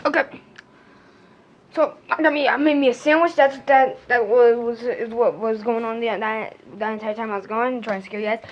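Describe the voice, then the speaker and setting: High-voiced woman rambling about a game. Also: fairly even intonation, moderate pace, lo-fi sound. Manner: rambling with restarts. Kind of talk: casual gaming chat.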